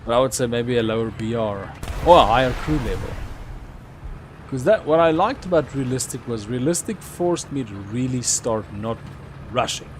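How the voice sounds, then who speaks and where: Young man, game streamer, casual live commentary, animated pitch, sudden excited shouts. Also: moderate pace, slight background noise. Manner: chatty, with sudden excited outbursts.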